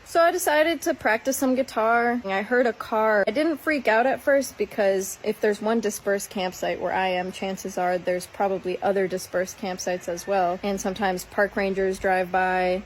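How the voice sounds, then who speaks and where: A woman from Minnesota telling a story in her vlog in a calm, matter-of-fact way. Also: medium pitch, slight background noise, poor audio. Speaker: van lifer vlogger.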